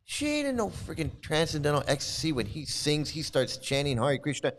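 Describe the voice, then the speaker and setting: A man hosting a casual commentary video, talking in an animated, mocking way that jumps into high exclamations. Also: fairly quick, a little hiss or hum. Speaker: commentary host.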